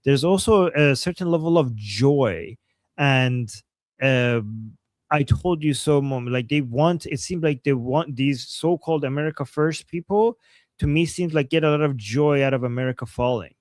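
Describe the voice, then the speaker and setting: A man's voice: medium pitch, normal speed, darkish tone, no echo. A man co-hosting a casual political livestream, chatting with many fillers and restarts and reading out viewer chat messages. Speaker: livestream co-host.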